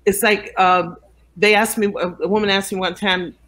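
Animated older woman telling stories. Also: mid-range voice, moderate pace. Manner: animated storyteller, acts out quoted voices. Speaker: interview guest, actress. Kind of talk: casual storytelling interview.

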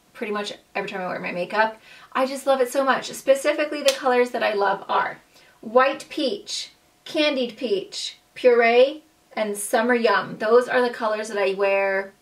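A woman's voice: on the high side, a bit bright. Gushing young woman, slightly distant mic. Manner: gushing, bubbly, many "like" and "um" fillers. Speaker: beauty vlogger. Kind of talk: casual monthly favorites chat.

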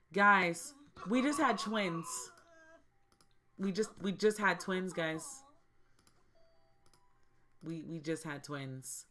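A woman's voice: medium pitch, a bit bright, slight background noise. A woman hosting a life-simulation gameplay video, chatting casually with her viewers, often exasperated and repeating herself. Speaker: gaming channel host.

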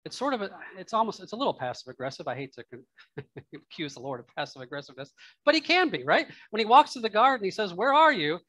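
A man's voice: high voice, very animated, quick pace, fairly bright tone, dry recording. A man preaching a sermon in church, talking it through in a casual, musing way with asides. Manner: conversational, musing aloud with asides and laughs. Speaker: pastor.

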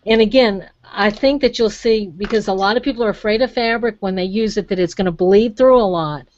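A woman's voice: medium pitch, a little fast, darkish tone, dull audio. A woman giving a chatty, encouraging live craft demonstration and talking straight to her viewers.

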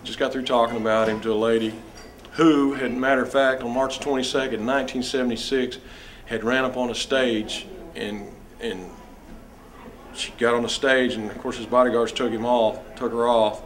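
A man's voice: mid-range voice, fairly even intonation, normal speed. Man from Missouri recalling vividly. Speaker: interviewee. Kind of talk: personal story in an interview.

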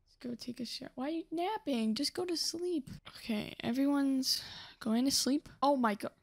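This young woman hosts a gaming channel and speaks at a moderate pace in a high voice. While playing, she chats casually and talks to the characters on screen, scolding them.

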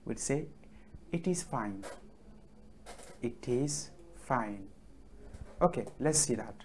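A man leads an online French lesson at an unhurried pace. He drills each phrase again and again with patience, filling gaps with hesitant pauses. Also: medium pitch, animated, a little mellow, slight background noise. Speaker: French teacher.

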